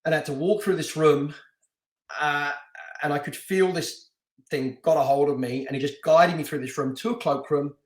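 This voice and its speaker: Animated London-born man telling a story. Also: on the high side, moderate pace, echoey room. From London, England. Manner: animated, laughs often, many restarts. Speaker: podcast guest, martial artist and stunt actor. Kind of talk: casual storytelling interview.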